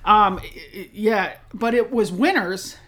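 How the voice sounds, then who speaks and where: A woman's voice: medium pitch, unhurried. A woman co-hosting a podcast, chatting casually and acting out her reactions as she tells a story. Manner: animated storytelling, acts out reactions. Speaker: podcast co-host. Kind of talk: casual chat.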